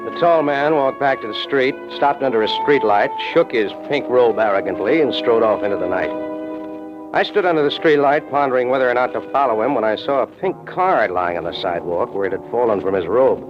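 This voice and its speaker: A man's voice: mid-range voice, a little fast, close to an everyday voice. An actor narrating as a dry, wisecracking hard-boiled male detective in a 1940s radio drama. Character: tough, wry male private eye. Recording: dull vintage radio with music bed.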